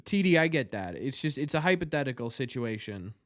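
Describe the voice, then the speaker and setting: A man's voice: medium pitch, very animated, brisk, no echo, studio quality. A young man hosting a live stream, chatting with viewers, talking in rambling, exasperated bursts with frequent restarts. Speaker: podcast host reading live chat. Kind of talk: casual live-stream game commentary.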